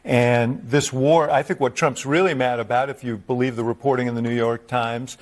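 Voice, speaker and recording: A male commentator with a mid-range voice weighs his words deliberately and gives political analysis. He often restarts a phrase before finishing it. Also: mid-range voice, steady tone.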